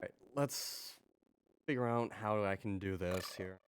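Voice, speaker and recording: A man's voice: lowish voice, measured pace, slight background noise. A man streaming as he writes music, talking casually to himself, muttering, trailing off and restarting his thoughts. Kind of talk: casual thinking aloud while working.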